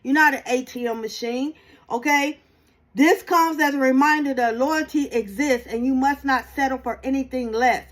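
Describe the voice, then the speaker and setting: A woman's voice: high voice, moderate pace. A woman spiritual reader giving a blunt, sassy motivational tarot message, swearing freely and calling listeners baby and y'all.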